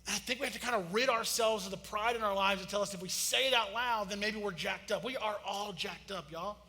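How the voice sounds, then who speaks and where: A man, preaching and telling a story, acting out quotes with big swings in loudness. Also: high voice, a little fast. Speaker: pastor. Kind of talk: sermon storytelling. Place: church auditorium. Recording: church hall reverb.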